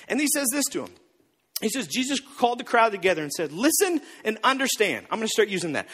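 A male pastor preaching a sermon with joking asides and lively storytelling. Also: very high voice, fast talker, slightly rough. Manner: animated storytelling with jokes and asides. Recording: long reverb of a large hall.

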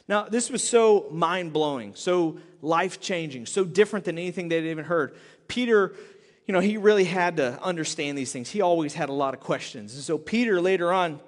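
A male pastor preaches with a high, light voice, telling his story in an animated way and acting out the quotes. His words carry a long reverb through the church hall. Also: a little fast. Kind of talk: sermon.

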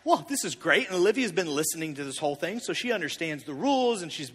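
A man in his thirties telling a personal story in a sermon, animated and confessional, with big swings in volume. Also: fairly high pitch, fast, slightly rough, big-room sound.

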